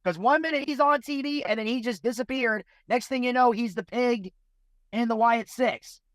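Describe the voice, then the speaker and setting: A man's voice: extremely high pitch, normal speed, fairly bright tone, dry recording. Emphatic man talking wrestling. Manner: emphatic, rhetorical questions. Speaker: podcast co-host. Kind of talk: casual wrestling discussion.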